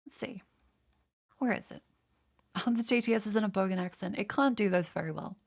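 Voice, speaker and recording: A woman's voice: medium pitch, fairly quick. A woman with an Australian accent, chatting casually on a livestream and swearing freely. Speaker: streamer.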